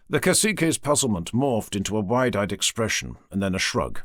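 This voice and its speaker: A man narrating an audiobook in an expressive storytelling manner, close to a studio mic. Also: fairly low pitch, a little fast, few pauses, no room sound. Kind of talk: scripted narration.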